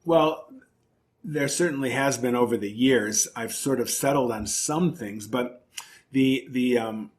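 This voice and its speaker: Speaking unhurriedly in a mid-range voice, a man who is a principal oboist and oboe professor describes his craft in a thoughtful, conversational interview. He emphasizes points by repeating them.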